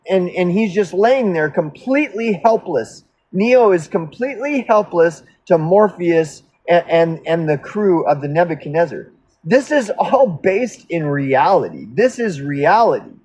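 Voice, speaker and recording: A man's voice: high voice, darkish tone, slight background noise, rough recording. A man talking in an unscripted monologue, swearing freely, repeating himself for emphasis and often restarting his sentences. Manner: profane, emphatic, repetitive ranting; frequent restarts and stammered repeats. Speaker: recovery vlogger.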